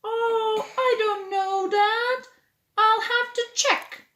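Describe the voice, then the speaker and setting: A woman voicing a cheerful, curious little puppy in a children's English lesson, with a squeaky, sing-song voice and eager questions. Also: fairly even intonation, drawn-out words, fairly bright tone, echoey room, heavily acted. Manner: wide-eyed, eager questions.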